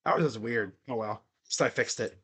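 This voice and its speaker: A man's voice: medium pitch, fairly quick, a bit bright, slightly rough. A young man giving casual live play-by-play, rambling and slangy between calls. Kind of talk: casual live reaction commentary.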